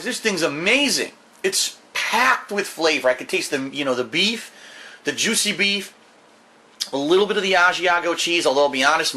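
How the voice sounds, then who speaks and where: Brief: male food vlogger, bright forceful voice, a bit high, enthusiastic and repetitive, home camera mic. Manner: enthusiastic, emphatic, repeats himself. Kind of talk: casual food review to camera. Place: at home, indoors. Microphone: camera mic, set down while eating.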